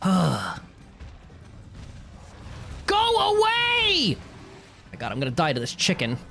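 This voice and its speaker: A woman streamer talks through her game in a lively voice that jumps all over the place, dropping to grumbles and then shrieking at the monsters. She swears freely. Faint music plays behind her. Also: a bass voice, fast talker, vocal fry. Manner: swears a lot, yells at monsters; animated, swings from mutters to shrieks. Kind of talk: live gameplay commentary.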